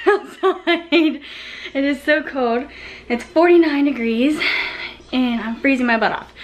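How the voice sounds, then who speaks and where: Woman vlogger, fairly high voice, chatty and laughing, a bit out of breath, faint hiss in the room. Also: low-quality recording. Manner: chatty, laughs often, baby talk with her son. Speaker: vlogger and homeschool mom. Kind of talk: casual vlog chat. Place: home kitchen, indoors.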